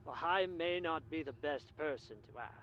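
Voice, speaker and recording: An actor plays a dryly witty man helping out over the phone in a detective game. His voice sits fairly high, and the game audio comes through dull and muffled. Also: moderate pace, a crowd in the background, close to an everyday voice. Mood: wry. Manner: dry, wry humor. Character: dry, wry male helper on the phone. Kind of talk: video game voice acting.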